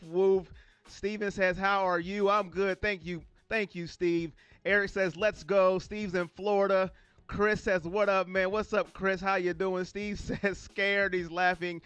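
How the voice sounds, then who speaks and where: A man's voice: sits high, a bit bright, clean tone, no room sound. A man hosting a livestream sports fan show, chatting and reading viewer comments aloud, telling the story dramatically.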